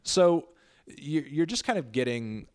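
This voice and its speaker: A man hosting a casual interview, chatty and quick to laugh. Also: a little high, lively intonation, a little mellow. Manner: chatty, laughs easily, breaks into silly voices. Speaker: interview host.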